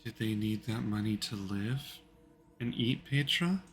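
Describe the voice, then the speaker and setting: A man's voice: lowish voice, measured pace, faint music behind. A man voicing a cruel, haughty female vampire bride who talks in a mocking, imperious way. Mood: taunting.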